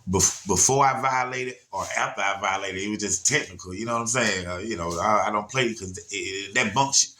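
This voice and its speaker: A man, telling a story in a slightly low voice. He rambles in a laid-back way, circling back and checking in with his listeners. It is casual, unscripted storytelling. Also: a little fast, sharp tone, slight background noise. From Atlanta area, USA. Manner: rambling, laid-back, frequent "you know what I'm saying".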